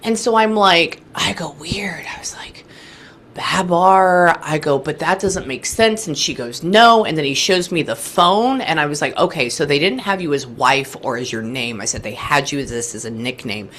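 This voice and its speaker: A woman's voice: low voice, normal speed, hardly any pauses, fairly bright tone. A woman in her thirties, a guest medium, telling a reading story and acting out the remembered dialogue of both people. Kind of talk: animated storytelling in conversation.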